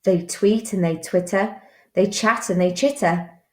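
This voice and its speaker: A woman teacher reading a children's picture book aloud, slow and expressive. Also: medium pitch. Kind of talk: storybook read-aloud. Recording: roomy echo.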